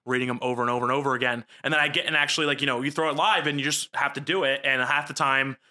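A young man with a New Jersey accent, a local TV reporter talking casually about his work in quick, animated stories full of fillers. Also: medium pitch. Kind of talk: casual podcast chat.

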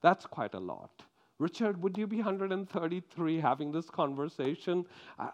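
A man preaching a sermon, with emphatic stresses that drop into quiet, drawn-out lines. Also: sits high, muffled recording.

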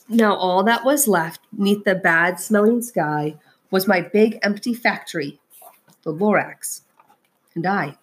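A woman reading a rhyming storybook aloud in a slow, expressive, rhythmic way. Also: lowish voice. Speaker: storybook reader.

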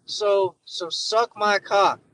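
Man doing a comic impression, stammering old politician, rambling, raised pitch, slow drawl. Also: steady tone, pushed and bright, slight background noise, heavily acted, rough recording. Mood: rambling bluster. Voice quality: stammering, repetitive, hoarse-edged. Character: rambling elderly male politician, stammering, crude. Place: in a car. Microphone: phone through car system.

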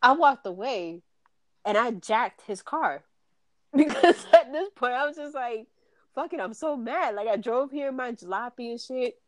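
Animated woman telling a story. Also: on the high side, measured pace, dry recording. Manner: animated storytelling, acting out quotes, swears and laughs often. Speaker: podcast co-host. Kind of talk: casual chat, telling a dream story.

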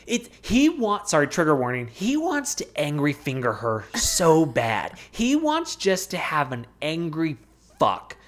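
A woman co-hosting a casual recap chat, sarcastic, swearing and acting out quotes in put-on voices. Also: low voice. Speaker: podcast co-host.

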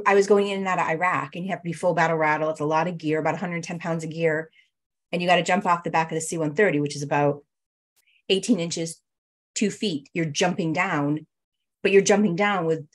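A woman with a fairly low voice tells her own story as an interview guest. She speaks earnestly and emotionally, often stopping and restarting mid-thought. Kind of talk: candid personal storytelling.

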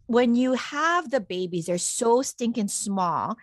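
Animated, foul-mouthed woman telling stories. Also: on the high side, slow pace, no room sound. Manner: animated storyteller, swears freely, keeps checking in with "okay?" and "right?". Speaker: podcast co-host. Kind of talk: casual chat.

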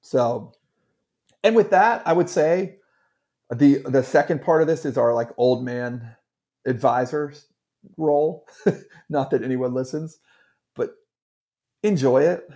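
A middle-aged man co-hosting a casual sports podcast, animated and rambling with frequent restarts. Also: medium pitch, a little slow, long pauses. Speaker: podcast co-host.

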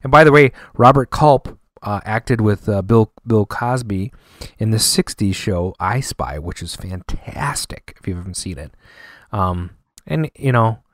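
Animated man rambling on a podcast. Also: on the low side, measured pace, dry recording, studio quality. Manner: animated, rambling, laughs often. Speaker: podcast co-host. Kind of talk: casual chat.

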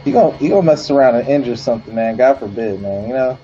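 A man's voice: mid-range voice, lively intonation, fast talker, dark tone, muffled recording, soft background music. A man co-hosting a casual wrestling chat, laid-back and ending lines with "man" and "bro". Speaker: wrestling podcast co-host.

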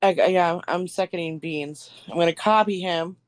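A woman's voice: lowish voice, moderate pace, dry recording. A woman guest on a podcast, giggly and self-deprecating in casual chat.

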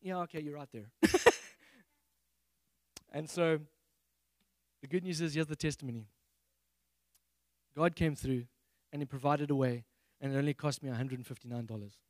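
A man from Africa, preaching a sermon on a handheld mic and acting out prayers in a high, excited voice. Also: normal speed, long pauses, dry recording. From South Africa. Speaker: pastor.

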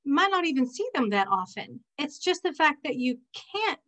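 A middle-aged woman talks on a casual podcast over a video call, her voice sitting a little high. She reacts quickly with short questions and comments. Her longer stretches are relaxed, personal storytelling. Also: highs cut off. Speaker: podcast co-host. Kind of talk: casual chat.

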